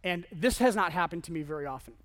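A man preaching a sermon as an animated, self-mocking storyteller who acts out the dialogue in his stories. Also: a little high, fast. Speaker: pastor.

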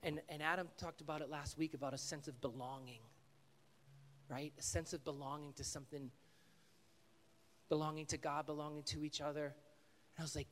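A male pastor with a slightly high voice, speaking earnestly and conversationally. He tells stories and leads prayer in a church sanctuary. His words trail into a long hall reverb. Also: steady tone, brisk, fairly bright tone. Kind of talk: sermon with altar call.

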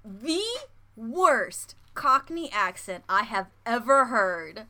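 A woman's voice: on the high side, animated, slow pace, bright, forceful tone. A woman in casual chat, searching for words as she talks.

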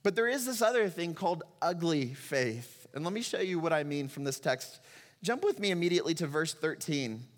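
A man's voice: a little high, lively intonation, a little fast, long reverb tail. A middle-aged man preaching a sermon as pastor, emotional and rising to impassioned cries as he reads scripture.

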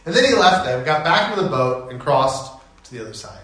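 A man preaching a sermon as pastor, telling it in an animated, conversational way. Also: mid-range voice, a little fast, reverberant, rough recording.

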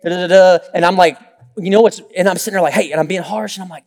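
A man's voice: high-pitched, very fast. A young adult male pastor preaching a sermon, telling stories with acted-out quotes and joking asides. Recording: long reverb of a large hall.

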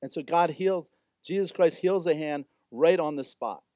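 A man's voice: fairly high pitch, normal speed, darkish tone, no room sound, lo-fi sound. A man preaching a sermon as pastor, talking in an informal, conversational and emphatic way.

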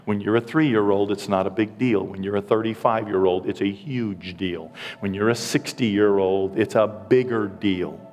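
A man's voice: lowish voice, moderate pace, few pauses, a little mellow, in a large hall. A man in his sixties preaching as a pastor in a church, earnest and emotional, with self-deprecating asides. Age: 60s. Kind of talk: sermon. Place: church sanctuary.

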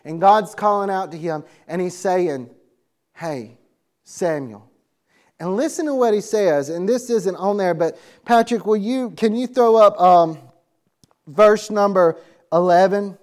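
Preaching to young people, a man acts out a Bible story with helpers from the audience, laughing along and calling people up in a lively way. His voice sits high, and he speaks at normal speed.

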